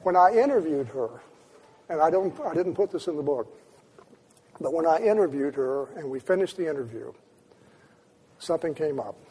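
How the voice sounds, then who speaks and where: A man's voice: fairly high pitch, animated, moderate pace, long pauses, dark tone, breathy edge, big-room sound. A man telling a vivid story to an audience, often stopping and restarting his sentences. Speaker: speaker. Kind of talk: storytelling lecture.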